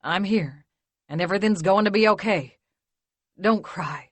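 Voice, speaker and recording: A woman reads a protective young man in a calm, smooth drawl. His words come slow and soothing, like someone talking a frightened partner through a crisis. The sound is dry and close, with no room around it. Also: medium pitch, dry recording, close to an everyday voice.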